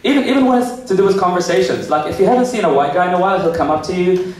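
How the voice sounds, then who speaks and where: A man performing a stand-up comedy set, animated and slipping into exaggerated character voices for his jokes. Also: high-pitched, racing, few pauses, slight background noise. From New Zealand. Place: comedy club stage with a laughing audience. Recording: echoey club recording from far off.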